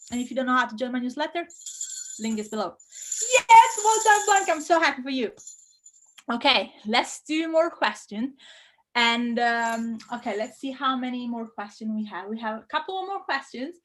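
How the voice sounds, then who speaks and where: A woman hosting a live language-learning Q&A, bubbly and effusive with excited bursts. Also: on the high side. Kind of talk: casual live-stream chat.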